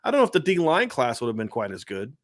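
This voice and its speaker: A man's voice: medium pitch, huge pitch swings, fast talker. A man hosting a sports talk podcast, chatting casually and rambling with lots of filler words. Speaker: podcast host.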